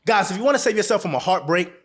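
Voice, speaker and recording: Animated high-voiced man giving blunt advice. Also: rapid-fire. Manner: blunt, animated, laughs often; repeats phrases for emphasis. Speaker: relationship advice vlogger. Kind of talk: casual advice monologue to camera.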